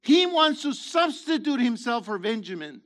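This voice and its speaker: A man preaching a sermon in a theatrical way, acting out voices and swinging from shouts to hushed asides. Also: very high-pitched, sing-song, normal speed.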